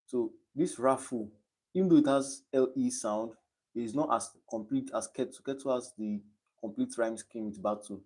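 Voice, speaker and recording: Young Nigerian male tutor with a slightly low voice, repeats his points, patient and step by step on a live stream. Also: a little mellow. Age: young adult. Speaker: online exam tutor.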